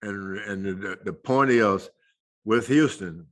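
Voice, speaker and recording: An older man telling folksy stories as an interview guest, slow and chuckling. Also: fairly low pitch, fairly bright tone. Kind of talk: casual storytelling interview.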